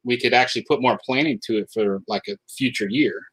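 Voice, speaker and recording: A man who grew up in South Dakota hosts a relaxed livestream chat, greeting viewers and laughing easily. His voice sits at an ordinary pitch and sounds dry and close to the mic. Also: brisk, breathy edge, no room sound, rough recording. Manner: laughs often, chatty and upbeat. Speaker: host.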